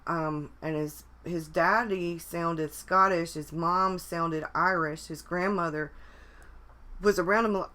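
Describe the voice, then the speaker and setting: A woman with a fairly low voice chats casually on a livestream. She rambles along, restarting her sentences and filling pauses with ums and likes. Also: steady tone, bright, forceful tone. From United States. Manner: rambling, with many restarts and fillers. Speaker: vlogger. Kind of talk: casual live chat.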